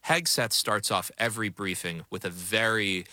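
Deep, sharply bright male reporter. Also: no echo. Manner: measured, explanatory. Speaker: political reporter. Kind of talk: news analysis.

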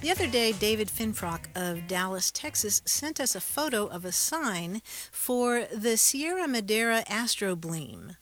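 A woman's voice: medium pitch, expressive, a little slow, fairly bright tone, soft background music. A woman co-hosting a radio talk show, explaining word meanings with light laughs.

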